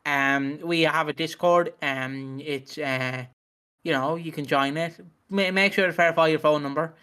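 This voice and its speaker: A young man co-hosting a casual podcast chat, his voice sitting a little high. He rants freely and swears a lot as he talks. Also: fairly even intonation, unhurried, sharp tone, clear, resonant tone. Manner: ranting, heavy swearing. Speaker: podcast co-host.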